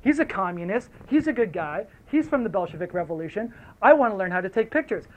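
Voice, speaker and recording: A man's voice: high-pitched, sing-song, fast, dull audio. A man voicing an aimless, restless young male drifter who talks casually, with slang and swearing.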